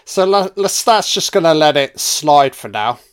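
A man's voice: a little high, animated, a little slow, clean tone. A man giving a casual, crude audio commentary while watching a film. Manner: crude, chatty, sweary.

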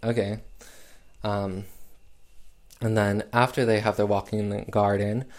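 A man's voice: fairly low pitch, flat delivery, measured pace. A man casually recapping a film plot with sarcastic asides, full of "um" and "like" fillers. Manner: sarcastic, filler-heavy with lots of "um" and "like".

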